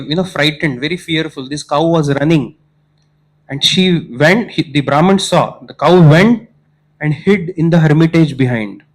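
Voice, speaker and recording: A man preaching, telling a moral story and checking that his listeners follow. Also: on the high side.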